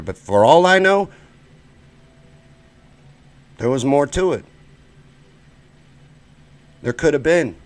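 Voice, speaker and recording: Host, male, American; profane live-stream ranter, very animated pitch, flips from shouting to muttering. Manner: heated, profane, swings between shouting and muttering. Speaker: show host.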